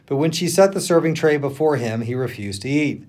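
A man co-hosting a podcast, reading scripture aloud in even narration and voicing the speakers lightly. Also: on the high side, brisk. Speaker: podcast co-host.

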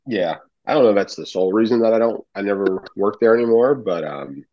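A man's voice: lowish voice, quick pace, dry recording, dull audio. A man in his thirties co-hosting a podcast in casual chat, hesitant and trailing off with fillers. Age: 30s. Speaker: podcast co-host.

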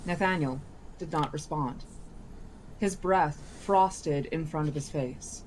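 Woman reading a book out loud for a book club, super slow, fixes her slips as she goes, bit of hiss. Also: sits low. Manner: deliberate, with small self-corrections. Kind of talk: reading a novel aloud.

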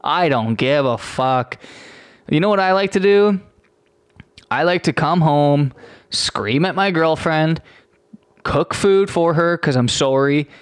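A man's voice: a little high, expressive, slow pace, pauses often, clean tone, no room sound, clean studio sound. A young Canadian man hosting his podcast in a profane, sarcastic, rambling rant with many restarts. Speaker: podcast host. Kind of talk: casual ranting monologue.

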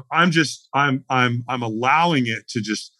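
A middle-aged man telling his story as a podcast guest, animated and acting out the dialogue as he goes. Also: medium pitch, slow.

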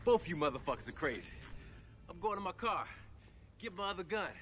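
A man acting out a fed-up armed man who storms off to his car, delivering flat, menacing threats. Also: high-pitched, brisk.

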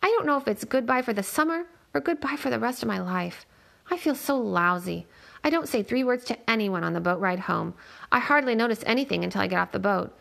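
A woman reading a novel aloud in a steady, plain storytelling manner. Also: on the high side, a little fast, creaky. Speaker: reader.

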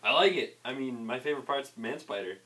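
A man co-hosting a podcast in casual chat, lively and chiming in with quick reactions. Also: mid-range voice. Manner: lively, quick to laugh and chime in. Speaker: podcast co-host.

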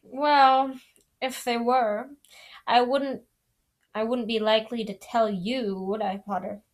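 Lady putting on a sneery snobby teen wizard boy, drawly, kinda high voice. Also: fairly even intonation, takes it slowly. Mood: sneering. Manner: drawling, taunting.

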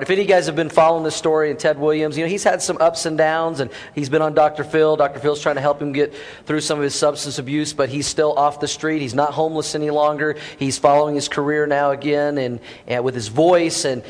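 A man preaching an Easter sermon, talking casually and putting questions to his congregation. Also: fairly high pitch. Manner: conversational, asks the audience questions. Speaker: pastor. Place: large church hall. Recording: echoey hall with audience.

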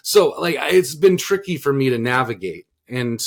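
A man's voice: mid-range voice, animated, moderate pace. Earnest rambling man chatting on a podcast. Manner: earnest, rambling, frequent restarts and "you know" fillers. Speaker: podcast co-host and parent. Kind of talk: casual podcast chat.

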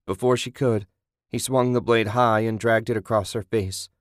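A man with a low voice reads a gory horror story in a steady, measured way. The recording is dry and close, with no room sound. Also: no echo. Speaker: narrator. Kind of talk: scripted horror audiobook narration.

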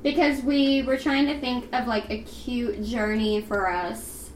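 A woman's voice: a little high, fairly even intonation, measured pace. Chatty young woman co-host, roomy sound. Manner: chatty, rambling, lots of "like" and laughs. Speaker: podcast co-host. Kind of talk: casual chat. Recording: roomy sound, faint background noise.

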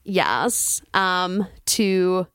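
A woman's voice: fairly low pitch, animated, drawn-out words, a bit bright, clear, resonant tone, no echo, studio quality. A woman co-hosting a podcast in casual, chatty talk, laughing often. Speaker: podcast co-host. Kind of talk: casual chat.

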